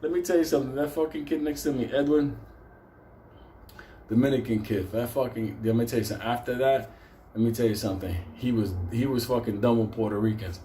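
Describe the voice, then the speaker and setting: New man spinning a profane comic yarn, mid pitch, laughing through it. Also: steady tone, brisk, warm tone, a little hiss or hum. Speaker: storyteller. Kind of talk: casual comic storytelling.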